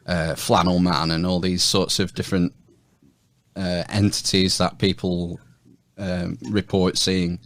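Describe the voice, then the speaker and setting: A man's voice: deep voice, no room sound. Upbeat jokey male podcast host. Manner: jokey, upbeat, laughs at own slips. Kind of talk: casual interview chat.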